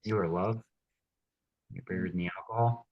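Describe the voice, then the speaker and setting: A man taking part in a coaching workshop, sharing a personal story in a halting way with many restarts. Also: deep voice, lo-fi sound. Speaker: workshop participant.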